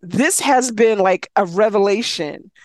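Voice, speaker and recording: A woman casually retelling a novel's plot, animated, swearing freely and slipping into quick voices for the characters. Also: medium pitch, dry recording, studio quality. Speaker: book recapper.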